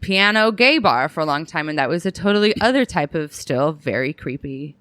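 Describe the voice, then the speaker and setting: A woman's voice: deep voice, animated, a little fast, fairly bright tone, dry recording. A woman comedian, a podcast guest, telling blunt, profane stories and laughing often in casual chat.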